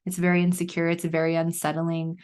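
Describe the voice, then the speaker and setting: Casting note: woman, thirties, solo podcast host, rambling and chatty, slightly low pitch. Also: monotone, a little fast, darkish tone, clear, resonant tone. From Canada. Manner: chatty storytelling with many fillers. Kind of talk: casual solo podcast monologue.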